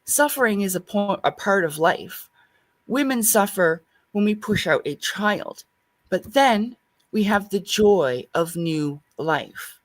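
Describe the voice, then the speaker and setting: A woman's voice: medium pitch, lively intonation, takes it slowly. A woman speaking as a guest in a casual spiritual discussion, earnest and reflective.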